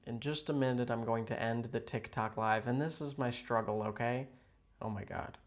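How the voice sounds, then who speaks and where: A man chatting casually with viewers on a livestream from a hotel room, rambling, playful and sarcastic, jumping between loud outbursts and mutters. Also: medium pitch, steady tone, normal speed. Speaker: livestream host.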